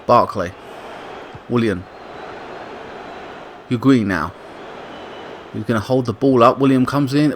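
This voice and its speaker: A man giving casual play-by-play commentary on a football video game, with excited bursts on attacks and chatty self-corrections. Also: mid-range voice, slow pace, long pauses, slight background noise. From Britain. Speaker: gaming YouTuber commentating a football sim.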